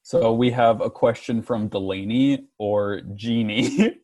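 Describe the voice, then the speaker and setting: A man's voice: medium pitch, slow pace, a little mellow, no room sound. A man co-hosting a podcast, talking in a rambling, casual way full of fillers. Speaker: podcast co-host. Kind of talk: casual chat.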